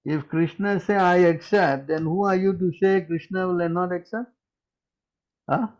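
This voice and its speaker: A man teaching in a question-and-answer session, forceful and scolding, who keeps asking "huh?" and "hello?". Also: sits high, measured pace, dull audio.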